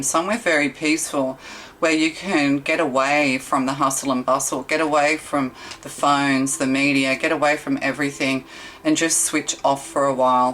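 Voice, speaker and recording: Low-voiced woman giving a chatty tarot reading. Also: a bit bright, a little hiss or hum, low-quality recording. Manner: meandering, chatty, full of fillers and rhetorical questions. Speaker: tarot reader. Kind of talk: casual tarot reading monologue.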